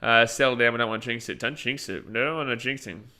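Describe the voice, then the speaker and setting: An excitable young Australian man, a streamer, gives blunt and crude live commentary while watching a match, reacting loudly to the plays. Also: mid-range voice, fast.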